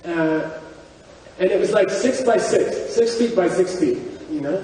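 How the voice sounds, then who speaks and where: High-voiced man in an echoing hall. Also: lively intonation, measured pace, warm tone. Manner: chatty, self-mocking storytelling with many "you know"s. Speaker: spiritual teacher. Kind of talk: anecdotal public talk. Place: large hall before an audience. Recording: echoey hall from far off, faint noise.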